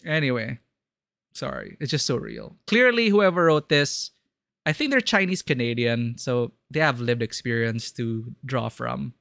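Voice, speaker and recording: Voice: mid-range voice, measured pace, gravelly, dry recording, clean studio sound. Chatty streamer reacting to a game. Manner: chatty, expressive, talks to chat. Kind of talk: casual live-stream game commentary.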